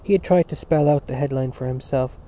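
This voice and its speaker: A man's voice: mid-range voice, brisk, dark tone, highs cut off. A man reading a novel aloud as scripted narration, with a few slips and restarts. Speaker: audiobook reader.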